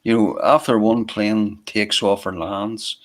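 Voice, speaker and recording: A man's voice: fairly low pitch, steady tone, takes it slowly. A man co-hosting a livestream in rambling casual chat, swearing freely. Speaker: livestream co-host.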